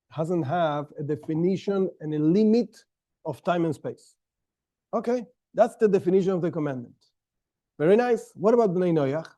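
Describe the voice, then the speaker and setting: A man's voice: on the high side, dark tone. Man teaching a Torah class, stressing words. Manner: explanatory, stresses key words, frequent restarts.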